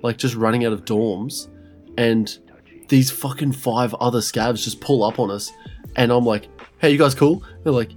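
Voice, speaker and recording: A man's voice: medium pitch, fairly even intonation, normal speed, a little mellow, soft background music. Laid-back sweary man. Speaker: podcast co-host. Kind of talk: casual chat.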